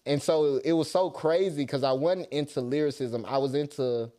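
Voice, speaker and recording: A warm voice on the high side, with fairly even intonation and a normal speed, belongs to a young Southern-accented rapper from Atlanta, USA. As an interview guest in casual chat, he talks loosely and trails off as his thoughts end.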